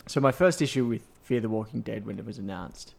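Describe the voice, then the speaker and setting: A man's voice: fairly low pitch, a little fast, vocal fry, a little mellow, husky. A man co-hosting a casual chat, rambling with lots of fillers and restarts. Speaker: podcast co-host.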